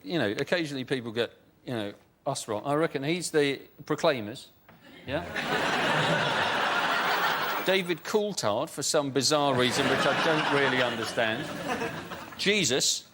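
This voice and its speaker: A man's voice: mid-range voice, expressive, unhurried, long pauses, very noisy. A man on a comedy panel, chatting in rambling asides.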